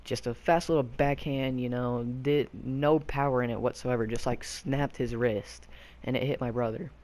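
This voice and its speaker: A man's voice: medium pitch, steady tone, normal speed, a little mellow. A young man from Arkansas telling a childhood story casually, rambling with lots of fillers and loose slang. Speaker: YouTube storyteller.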